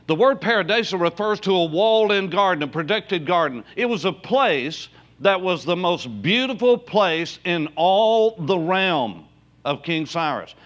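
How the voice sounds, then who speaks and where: A man preaching a sermon from the pulpit, his voice a little higher than most men's. He leans hard on key words and stretches them out, then drops low and quiet. The church recording sounds dull and lo-fi. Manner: preaching with emphatic rises and drawn-out words. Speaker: pastor. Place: church sanctuary.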